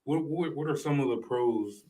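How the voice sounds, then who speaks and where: A man hosting a podcast, asking questions and joking in a relaxed way with trailing phrases. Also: medium pitch, moderate pace, crowd noise, rough recording. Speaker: podcast host. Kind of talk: casual chat. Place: podcast studio.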